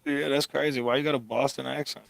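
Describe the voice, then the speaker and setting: A man's voice: medium pitch, steady tone, quick pace, creaky, dry recording. A man co-hosting a podcast who mocks and teases in casual banter. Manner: teasing, mocking banter. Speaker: podcast co-host.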